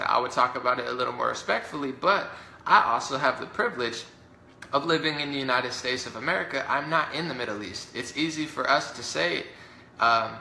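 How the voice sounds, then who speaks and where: A man speaks in a gravelly, sharply bright and forceful voice as he rants against his political opponents. He talks indignantly and quickly, piling up fillers and mocking the other side. The room around him is roomy and echoey. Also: mid-range voice, a little hiss or hum. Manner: rapid, indignant, mocks opponents in put-on voices. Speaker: political commentator. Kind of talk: heated political rant to camera. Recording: roomy echo.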